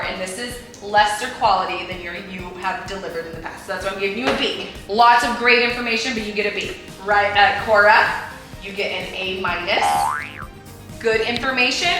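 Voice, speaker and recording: A woman hosting a family vlog as a homeschooling mom, grading her kids, emotional and laughing, teary. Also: mid-range voice. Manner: gushing, emotional, laughing often. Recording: echoey room with music behind.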